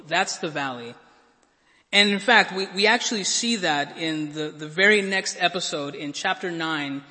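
This sermon comes from a man whose voice is on the high side, bright and pushed. He's earnest, stammering into repeated words before rising to emphatic peaks, and the recording carries a large hall's long reverb.

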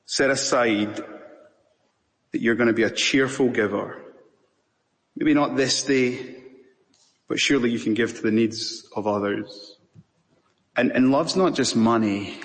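A man with a Scottish accent preaching an impassioned sermon, with long pauses between phrases. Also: mid-range voice. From Scotland. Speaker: pastor. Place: church sanctuary. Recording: reverberant church hall.

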